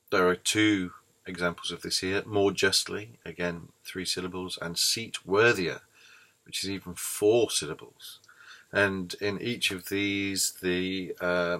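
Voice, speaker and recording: Deep-voiced man lecturing, full of ums. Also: pushed and bright. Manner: hesitant, many ums and restarts; thoughtful, explanatory. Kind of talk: screencast lecture on poetry.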